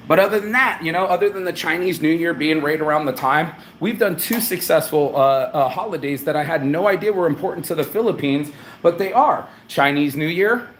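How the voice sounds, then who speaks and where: Man, middle-aged, casual travel vlog, slangy and profane, laughs a lot, slightly high voice, faint background noise. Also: a bit bright. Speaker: vlogger.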